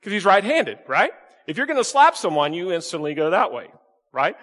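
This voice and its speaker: Male pastor, animated delivery, a touch high, long hall reverb, preaches with questions and light humor. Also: brisk. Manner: lively, questioning the congregation, playful asides. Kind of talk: sermon. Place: church sanctuary with congregation.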